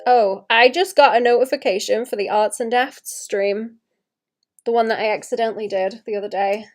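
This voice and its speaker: A young woman from Wales, with a light accent, rambles casually while drawing on a live stream and laughs often. Her voice is on the high side with a steady tone and a moderate pace. Soft music plays in the background.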